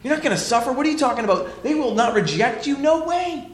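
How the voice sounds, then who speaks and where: A man's voice: very high voice, expressive, roomy sound, voice pushed up. A man voicing an agitated adult male disciple who protests and pleads insistently. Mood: pleading. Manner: pleading, protesting, rapid-fire objections.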